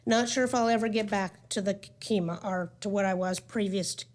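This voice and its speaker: A woman's voice: medium pitch, steady tone, normal speed, a little mellow. A woman in her forties gives a candid, conversational talk at a medical conference, telling her own story and speaking with frequent "um" and "like". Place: conference session room.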